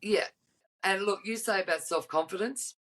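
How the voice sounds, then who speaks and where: A woman's voice: medium pitch, normal speed, fairly bright tone. A woman in casual chat, talking bluntly and straight about standing up for herself at work.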